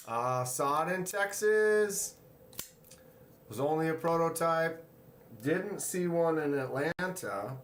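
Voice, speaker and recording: A man's voice: fairly high pitch, animated, takes it slowly, slight background noise. A man hosting a casual livestream, reading viewer comments aloud and greeting people in the chat. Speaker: livestream host. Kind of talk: casual live-stream chat. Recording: roomy, echoey room sound.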